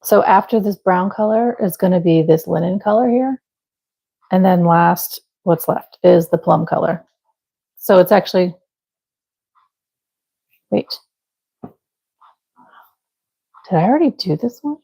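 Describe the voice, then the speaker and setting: Gravelly-voiced woman chatting on a craft stream. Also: fairly low pitch, unhurried, pauses often, mellow, low-quality recording. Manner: chatty, self-deprecating, talks to viewers while working. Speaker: livestream crochet host. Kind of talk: casual live-stream chat.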